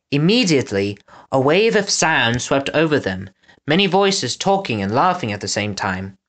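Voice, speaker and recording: Expressive male storybook narrator. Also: mid-range voice. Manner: expressive, animated reading. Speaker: audiobook narrator.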